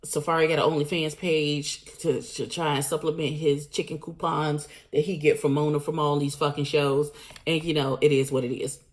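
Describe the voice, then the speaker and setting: Woman vlogger, slightly low voice; blunt, slangy, animated recap delivery. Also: normal speed. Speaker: vlogger recapping a reality show. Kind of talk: casual recap monologue.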